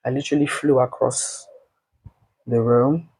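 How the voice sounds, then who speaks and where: A woman with a Nigerian accent telling a personal story in a casual, blunt and animated way, swearing freely. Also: rumbling low, unhurried, slightly rough, no room sound, low-quality recording.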